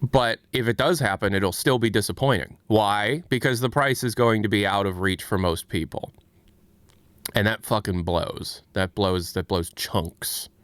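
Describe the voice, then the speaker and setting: A man's voice: fairly low pitch, normal speed, a bit bright, smooth, dry recording. An American man hosting a livestream, talking casually and frankly, often restarting his sentences. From United States. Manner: rambling, self-interrupting, frank. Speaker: livestream host.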